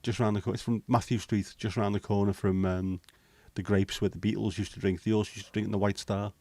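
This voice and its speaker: Man, fifties, chatty livestream host, casual swearing, lowish voice. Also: level tone, fast, warm tone, no room sound. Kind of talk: casual chat reading viewer comments.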